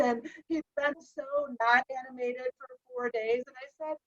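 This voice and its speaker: A woman telling an emotional personal story, animated and acting out the dialogue. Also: on the high side, moderate pace, hardly any pauses, lo-fi sound. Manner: animated, acts out quoted dialogue.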